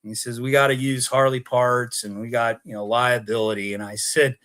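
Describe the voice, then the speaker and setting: Podcast guest from Oregon, a man, rambling storyteller who voices the other people in his tale, middle pitch. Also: fairly even intonation, brisk, fairly bright tone. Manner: rambling, acts out quoted dialogue. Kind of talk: casual storytelling.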